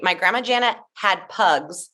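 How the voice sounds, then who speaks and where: A woman in her thirties from Tennessee, gushing and animated as she tells stories. Her speech runs on with "like" fillers and lively asides, at an average pitch for a woman. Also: measured pace. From Tennessee, USA. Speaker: guest, show emcee. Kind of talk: casual interview chat.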